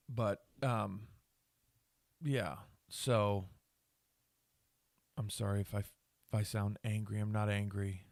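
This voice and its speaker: Recorded in studio quality with no echo, this solo podcast host has a lowish voice with vocal fry. His rant is crude and full of swearing, and he keeps laughing at his own expense.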